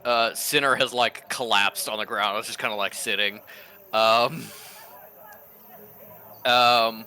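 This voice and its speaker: A man's voice: lowish voice, fairly even intonation, slow pace, pauses often, bright, forceful tone, clean tone. A man running a tabletop game as game master, narrating with many hesitant fillers.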